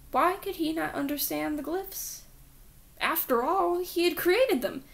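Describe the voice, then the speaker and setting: A woman's voice: sits high, creaky. A woman reading a children's book aloud with dramatic storytelling that dips into whispers.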